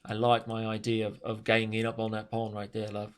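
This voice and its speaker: A man playing a chatty mock English gentleman in a put-on English accent, tacking on little tags. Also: lowish voice, completely flat delivery, fairly quick, clear, resonant tone, close to an everyday voice. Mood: playful. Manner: playful, tacks on "yeah?" and "love".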